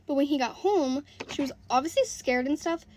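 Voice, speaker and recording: A woman's voice: sits high, moderate pace, a little mellow, a little hiss or hum. A woman telling a storytime in a casual, chatty way, full of fillers and exasperation, into a phone.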